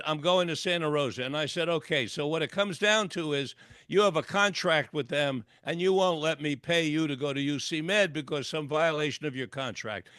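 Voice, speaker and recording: An older man tells a long personal story as a radio guest, throwing himself into each quoted line. His voice sits a little high for a man. The sound is dry and close, with no room around it. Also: pushed and bright, no room sound. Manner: vivid storyteller acting out dialogue. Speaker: guest, clinical psychologist and author. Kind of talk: storytelling interview. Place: radio interview.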